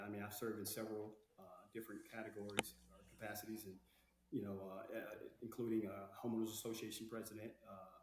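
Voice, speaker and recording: A man in his sixties answers interview questions earnestly, leaning on fillers and restarting his sentences. His voice sits low and barely moves in pitch, and he sounds like he is in a roomy, echoey space with faint noise behind him. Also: a little mellow. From Douglas County, Georgia. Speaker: political candidate guest.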